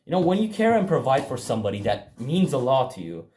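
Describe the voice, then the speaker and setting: A young man at an ordinary middle pitch speaks straight to camera in a casual motivational monologue. He is blunt and swears freely, pressing hard on his points and often restarting his sentences. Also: big pitch swings, fast, dark tone, slight background noise. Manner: blunt and profane, emphatic with frequent restarts. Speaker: self-improvement vlogger.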